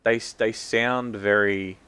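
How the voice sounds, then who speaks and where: A young Australian man chatting casually on a live stream while he plays, rambling and halting with many ums and restarts. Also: lowish voice, fairly even intonation, bright, forceful tone, clear, resonant tone.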